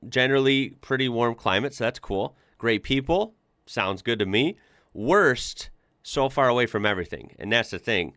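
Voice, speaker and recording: A man chats his way through a reaction video, full of fillers, restarts and quick laughs. His pitch moves up and down freely. The sound is dry and close. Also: bright, forceful tone, smooth, dry recording. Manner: chatty, laughs often, many fillers and restarts. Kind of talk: casual reaction commentary.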